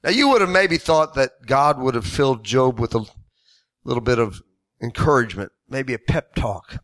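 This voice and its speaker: A man preaching a sermon with fervent delivery, rising into shouted emphasis on key lines. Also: mid-range voice, expressive, normal speed.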